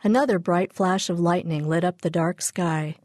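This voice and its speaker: Low-voiced woman narrating a storybook. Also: moderate pace, no room sound, studio quality. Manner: clear, even storytelling. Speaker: audiobook narrator. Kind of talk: scripted narration.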